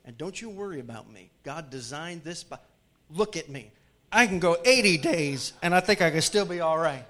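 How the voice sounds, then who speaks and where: Man, pastor, high voice, lively sermon, teasing and hushed by turns. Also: normal speed. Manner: lively Southern preacher, jokes with the congregation, swings from loud to hushed. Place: church sanctuary.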